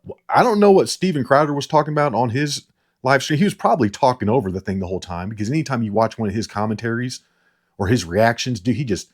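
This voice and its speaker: A man's voice: medium pitch, animated, quick pace, breathy edge. A man giving casual political commentary, rambling and sarcastic, repeating words and laughing at his own jokes. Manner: sarcastic, mocking impressions. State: short on sleep.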